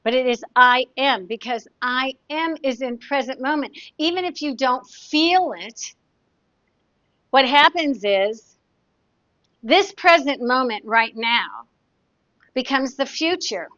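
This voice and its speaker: A woman's voice: high voice, expressive, takes it slowly, pushed and bright, dry recording. Chatty woman therapist, dull dry sound. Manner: chatty, demonstrative, tells anecdotes. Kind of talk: casual teaching talk.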